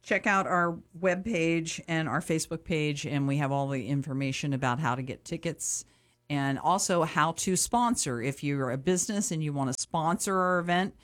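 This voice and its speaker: A woman's voice: low-pitched, normal speed. A woman from an animal shelter's board, a guest on a radio chat, talking cheerfully and laughing easily. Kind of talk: casual radio interview.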